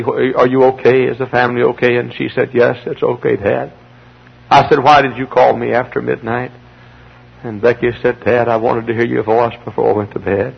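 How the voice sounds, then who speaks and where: A gravelly, husky-voiced man preaches a revival sermon. He swings from shouting peaks down to hushed, slow pleas. It sounds like a dull, lo-fi old sermon tape. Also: mid-range voice. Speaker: pastor.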